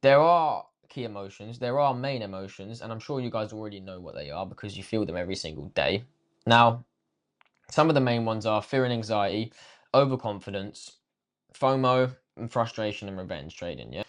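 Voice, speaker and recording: A man's voice: fairly low pitch, moderate pace. A young man, a trading coach giving a blunt, swear-filled motivational rant and ending lines with "bruv" and "yeah".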